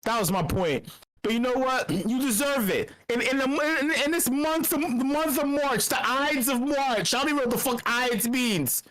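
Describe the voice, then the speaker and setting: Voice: high-pitched, moderate pace, fairly bright tone, poor audio. A meetup host ranting in casual commentary. They ramble, swear and stammer through repeated words, with a sarcastic, irreverent edge.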